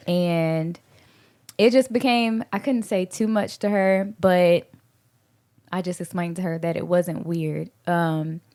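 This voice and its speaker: A woman teacher co-hosts a casual faith podcast. She tells her story in a relaxed way and quotes her students as she goes. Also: fairly low pitch, clean tone.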